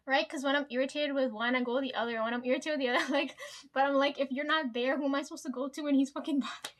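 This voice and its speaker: A woman's voice: sits high, fairly quick, long pauses. Rambling, profane young woman storyteller. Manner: rambling, profane, fillers like "right?" and "like". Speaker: vlogger. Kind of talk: casual storytelling to viewers.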